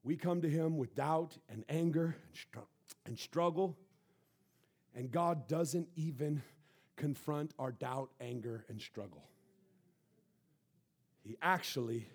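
A pastor preaching a sermon in a church, impassioned, swinging between loud and hushed. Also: male voice, mid-range voice, takes it slowly, creaky, pauses often, slightly rough.

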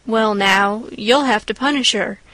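A woman voicing a shy, mild older farmer man who speaks hesitantly and softly. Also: mid-range voice, unhurried, no echo. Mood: forlorn. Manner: hesitant, soft-spoken.

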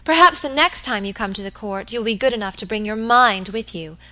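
A woman voicing an impatient young woman who teases her cousin in a tart, sharp-tongued way in a storybook reading. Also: a little high, animated, brisk, poor audio. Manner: teasing and tart.

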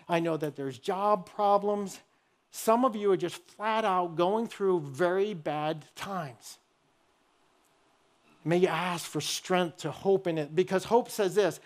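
A pastor preaching a sermon in an earnest, storytelling way. His voice sits high for a man. He talks to the congregation directly and walks them through a personal story.

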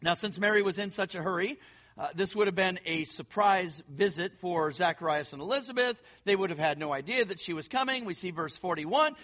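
A man preaching a sermon, reading scripture aloud and talking to his listeners in a conversational, animated way. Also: high voice, a little fast. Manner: conversational, addresses listeners as friends; animated, puts on quoted voices while reading. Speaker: pastor.

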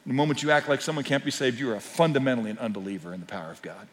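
A man preaching a sermon as pastor, swinging between quiet, intimate passages and loud, emphatic ones. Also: mid-range voice, racing, big-room sound.

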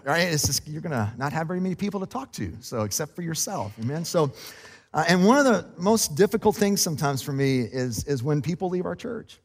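A man who is a pastor, preaching a sermon in a relaxed, conversational and self-deprecating way, laughing often. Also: medium pitch, big-room sound. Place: church sanctuary.

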